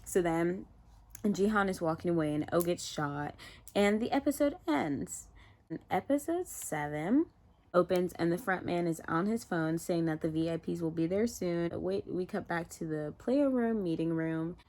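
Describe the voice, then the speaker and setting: Woman, lower-pitched voice, chatty show recap vlog, loose and animated, lots of "like". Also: normal speed. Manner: chatty, heavy use of "like", animated retelling. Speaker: TV show reviewer. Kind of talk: casual recap and reaction.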